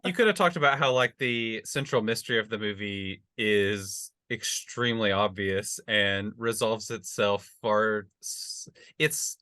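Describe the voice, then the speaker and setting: A man's voice: lowish voice, bright, forceful tone, no echo, clean studio sound. A man co-hosting a podcast, teasing and cutting in during a casual film chat. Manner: teasing, quick to interject. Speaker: podcast co-host.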